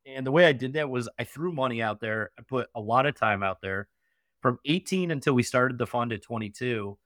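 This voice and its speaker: A young man from upstate New York, telling his story as a podcast guest in an emphatic, animated way full of fillers and tag questions. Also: medium pitch, brisk, no echo, studio quality. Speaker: podcast guest, venture investor. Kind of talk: casual interview storytelling.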